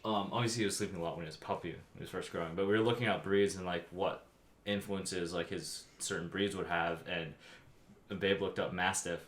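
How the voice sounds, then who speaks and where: A man's voice: low voice, fairly even intonation, brisk, fairly bright tone. A man co-hosting a podcast, chatting casually and rambling with lots of fillers. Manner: rambling, full of "um" and "like". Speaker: podcast co-host. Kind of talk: casual chat. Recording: echoey room.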